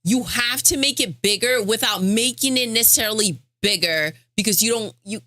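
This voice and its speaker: A woman's voice: fairly high pitch, moderate pace, sharp tone, no room sound, clean studio sound. A woman co-hosting a casual gaming podcast, teasing her co-host playfully and laughing easily. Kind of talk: casual gaming news chat.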